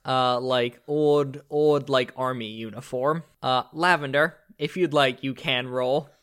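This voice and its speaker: Man, game master, narrating a tabletop game, loose and halting, middling pitch. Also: fairly even intonation, a bit bright, smooth. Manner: loose, many fillers and self-corrections.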